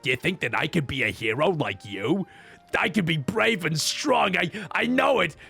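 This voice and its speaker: A man's voice: a little high, animated, moderate pace, vocal fry, sharp tone, slightly rough, faint music behind, full character voice. A man voicing an eager, earnest young male captive in a game dub. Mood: hopeful. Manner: earnest and wide-eyed.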